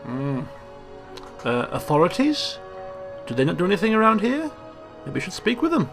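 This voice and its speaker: A man's voice: high-pitched, wildly swooping pitch, moderate pace. A man giving chatty, joking commentary as he plays a video game. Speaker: let's play host. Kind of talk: casual gameplay commentary. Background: game music.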